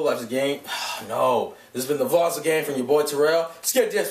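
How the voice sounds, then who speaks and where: A man's voice: fairly high pitch, normal speed, a little hiss or hum. A man giving a casual vlog review of an anime episode, rambling and swearing, often laughing at his own points. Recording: echoey room, mic at a distance.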